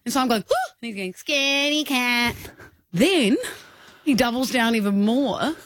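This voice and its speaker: A woman co-hosting a radio show, telling a story with lively mimicry of voices. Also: on the high side, moderate pace, dry recording. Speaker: radio co-host. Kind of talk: casual radio banter. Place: radio studio. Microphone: studio mic.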